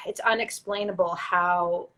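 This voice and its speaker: A woman guest, tearful and earnest, telling her story in halting, faith-driven speech. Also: on the low side, steady tone, fairly bright tone, poor audio. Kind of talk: emotional personal interview.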